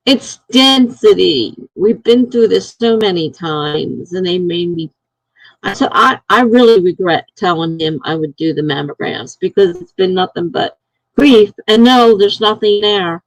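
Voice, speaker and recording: Middle-aged woman chatting on her live stream, slow unhurried talk, dry close sound, tells stories and plays out what folks said. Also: lowish voice, creaky, no echo, poor audio. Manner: storytelling, acting out what others said. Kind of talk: casual chat.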